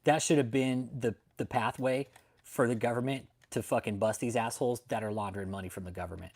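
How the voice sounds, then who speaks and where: Male livestreamer, mid-pitched, swears constantly, mocks his targets, laughs between lines, greets chat by name. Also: steady tone, brisk, a little mellow. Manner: profane, mocking, laughs often. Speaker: livestream host. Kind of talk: casual livestream commentary.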